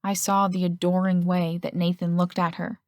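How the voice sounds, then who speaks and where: Woman narrating an audiobook, low and dry. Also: little pitch movement, normal speed, darkish tone, no room sound. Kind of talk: first-person audiobook narration.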